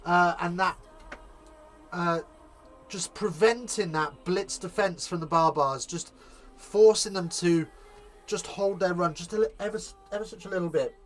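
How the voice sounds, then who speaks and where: Fan commentator, male, English, high voice, shouts on big plays, chatty in lulls. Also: unhurried. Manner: excitable, rising to shouts on attacks; casual chat reading live chat between plays. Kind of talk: live watch-along commentary.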